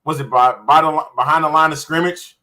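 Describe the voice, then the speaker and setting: Excitable man talking football. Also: on the high side, brisk. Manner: excited, rambling, spins out ideas. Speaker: podcast co-host. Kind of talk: casual sports podcast chat.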